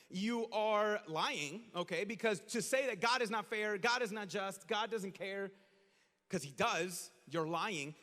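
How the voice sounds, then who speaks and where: A high-pitched man preaches a sermon, shifting from hushed, low asides to raised, excited storytelling. He talks straight to his congregation in casual, everyday words. His voice rings out with a long hall reverb behind it. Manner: animated storytelling, acts out shouts and quotes. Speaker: pastor.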